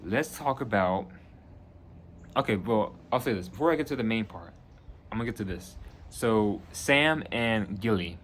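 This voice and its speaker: Animated low-voiced man reviewing a show. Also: moderate pace, a little hiss or hum. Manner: animated, retells scenes acting out lines. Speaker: video reviewer.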